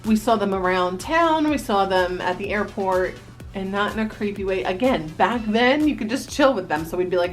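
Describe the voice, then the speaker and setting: A woman's voice: medium pitch, normal speed, soft background music. A woman in her thirties from New Jersey, a vlogger casually telling a story to the camera and reminiscing in a chatty way. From New Jersey, USA. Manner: chatty, animated reminiscing with quoted voices.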